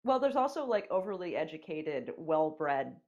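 A woman's voice: low voice, normal speed, highs cut off. A woman hosting a podcast interview, chatting casually, teasing and swearing. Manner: animated, profane, teasing. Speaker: podcast host.

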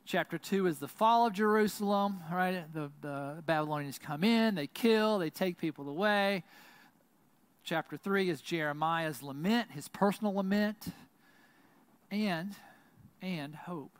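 A man with a Southern American accent preaching a sermon as a pastor. He swings between loud, intense passages and quiet, hushed ones, and keeps asking "right?". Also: high voice, unhurried, clear, resonant tone, dry recording. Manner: says "right?" very often.

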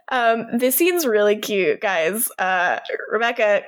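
A young woman co-hosting a podcast, recapping a show in casual chat, animated and laughing as she quotes characters. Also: fairly high pitch, dry recording, clean studio sound. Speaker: podcast co-host.

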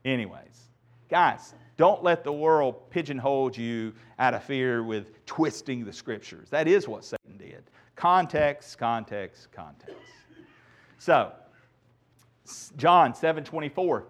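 A man pastor preaching a sermon, animated, with sarcastic asides and swings from loud to soft. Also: mid-range voice, slow.

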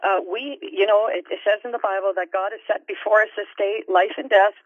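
A woman's voice: medium pitch, steady tone, brisk, dry recording. A woman guest, an author and minister, speaks earnestly and reflectively about her faith, with many fillers. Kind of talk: faith-based interview talk. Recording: dry, tinny phone-like sound.

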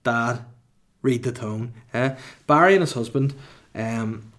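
30s guy doing a solo comedy podcast, rambly, swears a lot, middle-pitch voice. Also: slow pace, fairly bright tone. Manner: rambling, irreverent, sweary asides.

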